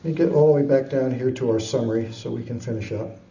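A man preaching a sermon, retelling scripture with lively storytelling, chuckles and frequent fillers. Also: medium pitch, fast, vocal fry. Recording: distant, dull, echoey room.

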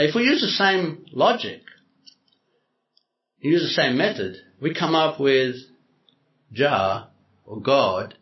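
A man preaching a sermon to a congregation, explaining slowly and deliberately and repeating words as he goes. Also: medium pitch. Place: hall with a congregation. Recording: echoey hall, dull lo-fi sound.

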